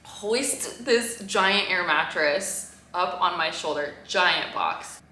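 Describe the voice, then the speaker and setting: A woman's voice: fairly low pitch, lively intonation, takes it slowly, sharp tone, a little hiss or hum. A woman vlogging in a chatty, casual way, telling stories with lots of fillers and laughing along. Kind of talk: casual vlog storytelling. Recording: roomy echo.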